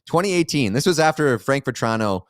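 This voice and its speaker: A man's voice: mid-range voice, lively intonation, fairly quick, no room sound. A man co-hosting a sports podcast in casual chat, giving dry, wry commentary. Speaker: podcast co-host.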